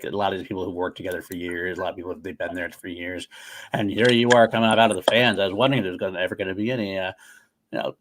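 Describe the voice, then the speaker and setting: A man co-hosting a podcast, asking questions in a quick, inquisitive way. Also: on the low side, a bit bright, slight background noise, rough recording. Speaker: podcast co-host. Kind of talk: casual podcast chat.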